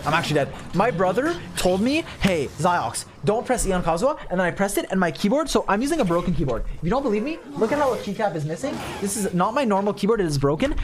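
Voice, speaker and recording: High-voiced animated young male streamer. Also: a little hiss or hum. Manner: animated, swears a lot, reads chat aloud. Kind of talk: casual stream chat.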